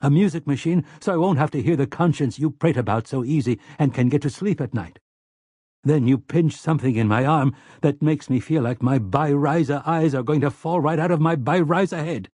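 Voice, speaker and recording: Man putting on a gruff rustic traitor, desperate, husky, dry sound. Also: a little high, brisk, a little mellow, no echo, voice pushed up, lightly acted. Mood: bitter. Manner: rough, pleading, rustic speech. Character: gruff, desperate middle-aged male traitor. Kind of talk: audiobook character voice.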